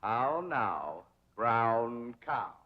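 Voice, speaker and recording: A man's voice: medium pitch, very animated, moderate pace, natural voice. An actor playing a pompous young society man who lectures grandly on posture and diction in a 1960s sitcom. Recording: dull 1960s TV soundtrack.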